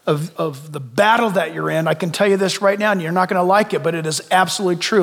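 A male pastor delivers a sermon in a high voice. He stays emphatic, doubles back on his phrases and keeps asking the congregation rhetorical questions. His voice carries through a church with a long reverb tail. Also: a little fast, fairly bright tone.

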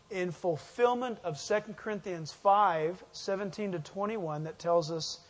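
A male pastor giving a verse-by-verse Bible teaching, emphatic and quizzing the congregation with fill-in questions. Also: high-pitched.

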